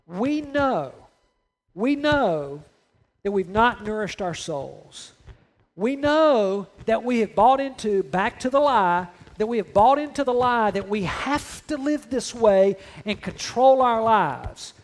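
A pastor preaches in a high, light voice. He talks to the congregation directly, checks in with them, and slips into imagined voices to make his point. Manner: conversational, asks the congregation questions, acts out imagined voices. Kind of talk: sermon.

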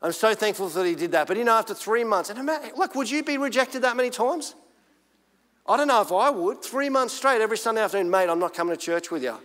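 A man with an Australian accent, a pastor preaching a sermon in an animated, earnest storytelling way. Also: very high-pitched, fast, in a large hall.

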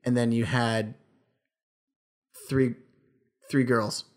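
A man from Canada co-hosting a casual podcast, joking and teasing his co-host in quick banter. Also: mid-range voice, level tone.

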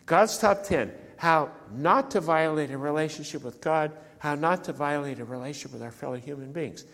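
Pastor guy giving a sermon, kinda high voice, chatty, asks the crowd questions, long church echo. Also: normal speed, fairly bright tone. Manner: conversational, asks the congregation rhetorical questions. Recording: church sanctuary with long reverb.

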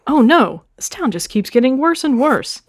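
A woman's voice: mid-range voice, sing-song, fast, darkish tone, lightly acted. A woman voicing a smug male raccoon businessman in a theatrical, mock-sorrowful way.

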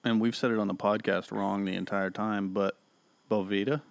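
A man's voice: fairly low pitch, level tone, normal speed, vocal fry, no echo. A man co-hosting a casual podcast, playful and full of questions. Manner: playful, asks questions, chuckles. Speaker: podcast co-host. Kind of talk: casual chat.

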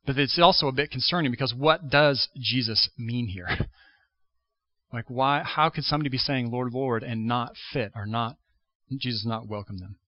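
A man preaching a Sunday sermon in a conversational way, thinking aloud with restarts and quick asides. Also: mid-range voice, no echo, highs cut off. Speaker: pastor. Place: church sanctuary.

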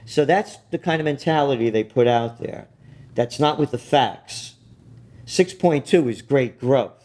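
A man's voice: medium pitch, lively intonation, a little slow, darkish tone. A man co-hosting a political talk show, ranting with profanity and biting sarcasm. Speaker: co-host.

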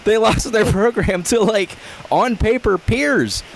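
A man co-hosting a casual sports podcast, with a fairly high voice and a faint hiss on the line. He jokes constantly and laughs a lot. Now and then he slides into a mock-solemn storytelling voice. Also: slow, vocal fry. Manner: joking, laughs often, riffs in mock-dramatic voice. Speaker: podcast co-host. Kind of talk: casual comedic chat.

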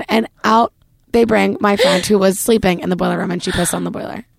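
A young woman co-hosting a podcast, telling a story in a casual, animated way, acting out quotes and saying "like" often. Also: mid-range voice, fairly quick, gravelly, no room sound, studio quality. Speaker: podcast co-host.

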